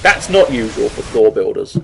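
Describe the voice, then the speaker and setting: Male gameplay commentator, mid pitch, rambling and profane, light background hiss. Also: big pitch swings, moderate pace, vocal fry, poor audio. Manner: rambling, swearing, self-mocking. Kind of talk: casual strategy game commentary.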